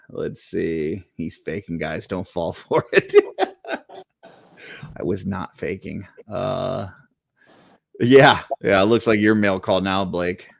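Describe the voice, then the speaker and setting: A man co-hosting a casual live stream, rambling in a relaxed way, laughing often as he reads viewer comments. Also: low-pitched, creaky, no echo, clean studio sound. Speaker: co-host reading viewer comments.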